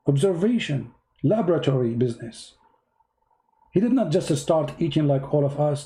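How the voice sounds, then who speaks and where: A man's voice: a little high, lively intonation, normal speed, dark tone. A man giving mocking, emphatic religious commentary in non-native English, full of sarcasm. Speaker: religious debater.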